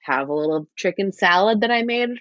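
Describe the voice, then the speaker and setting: A woman's voice: mid-range voice, lively intonation, a little fast, a bit bright, no room sound. Frank woman on dull lo-fi audio. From United States. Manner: frank, rambling, self-deprecating asides. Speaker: podcast guest. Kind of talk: candid conversational interview.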